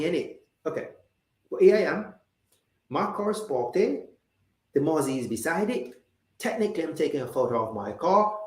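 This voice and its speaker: A man's voice: a little high, a little mellow, reverberant. A man doing a cheeky mock-British bloke. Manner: playful, teasing, slangy with "innit".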